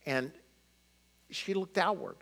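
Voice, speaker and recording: A middle-aged man telling personal stories in a conversational sermon, animated and full of fillers. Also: fairly high pitch, slow, vocal fry. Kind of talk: sermon storytelling.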